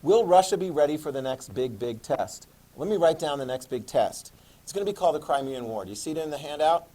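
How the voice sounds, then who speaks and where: Man, history teacher, classroom lecture, animated, slightly high voice. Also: fairly quick, poor audio. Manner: animated, talks to students, jokes and asks questions.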